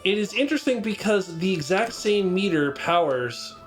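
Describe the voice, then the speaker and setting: A man with a slightly high voice chats easily while he plays, explaining the game's mechanics and story at a relaxed, filler-heavy pace. Faint game music runs underneath his commentary. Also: normal speed. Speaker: speedrunner playing on a charity stream.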